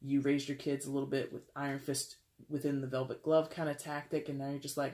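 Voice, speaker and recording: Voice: mid-range voice, fairly even intonation, moderate pace, a little mellow. A tarot reader giving a casual reading, rambling and talking straight to the listener with frequent asides. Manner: rambling, self-interrupting, addresses the listener directly.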